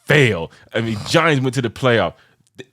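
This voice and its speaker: A man from New York hosting a casual sports chat, passionate and rambling, often getting loud and worked up. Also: mid-range voice, sing-song, normal speed. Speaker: show host.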